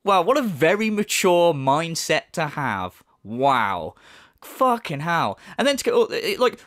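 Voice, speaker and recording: A man's voice: fairly high pitch, very animated, measured pace, a bit bright, no echo, studio quality. A man giving a sarcastic, profane ranting commentary as a YouTube commentator.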